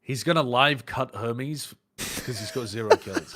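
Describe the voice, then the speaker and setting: A man co-streaming an esports match, reacting quickly and swearing casually. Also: mid-range voice, a bit bright. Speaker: watch-party co-streamer. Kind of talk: casual esports watch-party commentary.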